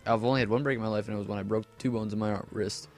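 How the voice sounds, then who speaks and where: A man's voice: on the low side, steady tone, rapid-fire, soft background music. A teenage boy casually telling a rambling story over gameplay commentary, full of fillers and self-corrections. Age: teens. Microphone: desk microphone.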